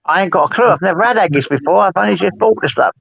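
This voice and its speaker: A man's voice: high-pitched, very fast, creaky, a bit bright. A man with an East London accent, bantering brashly on a live stream with jokey menace. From East London, England. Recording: dry muffled lo-fi stream audio.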